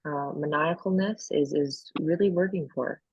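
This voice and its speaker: A woman in a tabletop game session, halting and amused as she chats. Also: sits low, a little mellow, husky, no room sound, highs cut off. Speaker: player. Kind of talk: casual chat.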